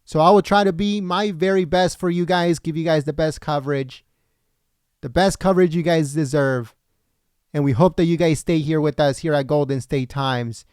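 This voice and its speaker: A man's voice: on the high side, steady tone, normal speed, darkish tone, clear, resonant tone, no echo, studio quality. A man hosting a political livestream, speaking earnestly and directly to his viewers, his voice tired after a long broadcast. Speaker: livestream political commentary host. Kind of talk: casual livestream sign-off.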